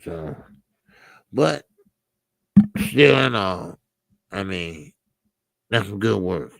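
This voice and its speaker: A man with a gravelly, fry-tinged voice talks slowly and loosely, hosting a live boxing chat stream. He reacts to his viewers, trailing off into fillers and restarts, and the sound is dry and close. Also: low voice, lively intonation, a bit bright, no echo. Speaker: boxing channel host. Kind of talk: casual live-stream commentary.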